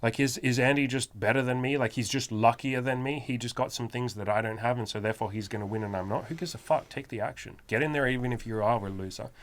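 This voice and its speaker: A man's voice: mid-range voice, fast, few pauses. A man who is a self-improvement coach and podcast host, talking in a blunt, emphatic, profanity-laden motivational style.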